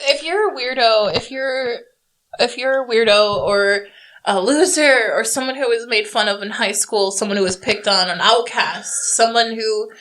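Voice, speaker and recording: A woman's voice: a little high, normal speed, a bit bright, poor audio. A woman co-hosting a casual movie review podcast, chatty and giggly, with lots of "like" fillers. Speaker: podcast co-host. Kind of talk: casual chat.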